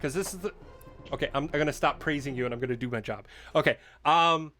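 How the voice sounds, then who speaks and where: A man's voice: on the high side, quick pace, bright, forceful tone, faint music behind. A man running a tabletop game as dungeon master, patiently explaining the rules with lots of fillers.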